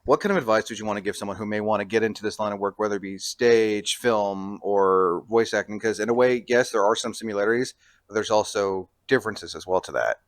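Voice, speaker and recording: A man interviewing an actor at a convention, soft-spoken and trailing off. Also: fairly low pitch, a little fast.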